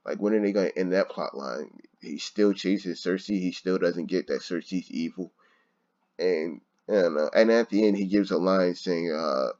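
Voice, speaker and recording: Low-voiced man ranting, dull lo-fi mic. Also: moderate pace, a little mellow. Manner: frustrated, swearing, laughing often. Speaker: show reviewer. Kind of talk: casual ranting review.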